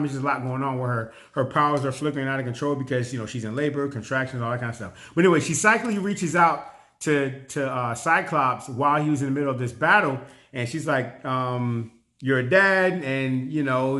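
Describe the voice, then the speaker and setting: Slangy, animated man recapping a show. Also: mid-range voice, brisk. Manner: animated retelling, slangy, lots of fillers and restarts. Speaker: TV show reviewer. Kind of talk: casual spoken review and recap.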